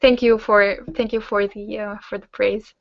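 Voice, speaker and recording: A woman's voice: medium pitch, little pitch movement, moderate pace, creaky, dry recording, highs cut off. A young German woman hosting a casual Q&A hangout, chatting with lots of fillers and restarts. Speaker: host; teacher-training student.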